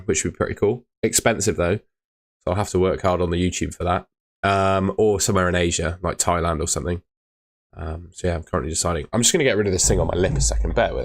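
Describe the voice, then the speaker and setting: A man hosting a casual live stream, chatting loosely with filler words as he reads out viewer comments. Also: low-pitched. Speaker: host of a fantasy football live stream.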